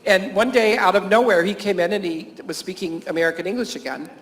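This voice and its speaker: A man's voice: high voice, quick pace, fairly bright tone, slight background noise. A man who teaches and works at a camp, giving a conference talk to health professionals, full of anecdotes, frequent chuckles, fillers and restarts. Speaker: teacher and camp staff speaker.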